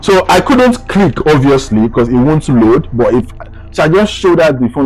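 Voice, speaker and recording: A young man from Nigeria with a Nigerian accent, animatedly retelling a personal story as a vlogger, dropping to a hush and rising with excitement. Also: fairly high pitch, moderate pace, faint music behind, rough recording. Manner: animated, swings between hushed and excited retelling. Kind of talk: casual storytelling to camera.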